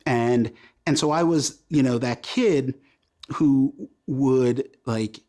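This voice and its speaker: A man's voice: medium pitch, slow pace. A man in his fifties from Portland, Oregon, telling stories about his life in a casual interview and acting out remembered lines of dialogue. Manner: animated, self-deprecating, acts out remembered dialogue. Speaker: comic book creator as guest.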